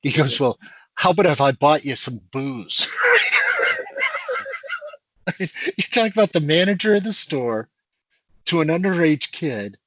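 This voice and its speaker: A middle-aged man telling a long, animated story to old friends on a podcast, laughing as he goes. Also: fairly high pitch, normal speed, slightly rough, low-quality recording. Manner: animated anecdote teller who laughs through his story. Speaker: podcast guest.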